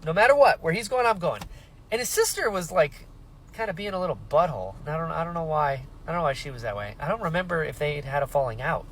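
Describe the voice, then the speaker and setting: Lively, high-voiced man reacting to a book. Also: fast, a little hiss or hum, rough recording. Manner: animated, emotional reactions, casual swearing. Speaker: book reviewer. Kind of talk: casual book reaction vlog.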